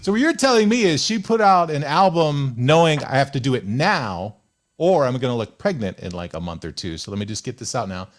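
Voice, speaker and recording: A young radio host talks quickly in a medium-pitched voice over a studio mic. He keeps things casual and lively, telling stories full of jokes.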